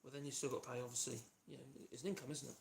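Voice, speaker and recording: Speaking very fast in a gravelly, medium-pitched voice with a steady tone, this Norfolk man runs a woodworking livestream from his home workshop. He chats loosely and hums to himself as he works through a casual demonstration, while a crowd, sanding, and tool noise fill the background.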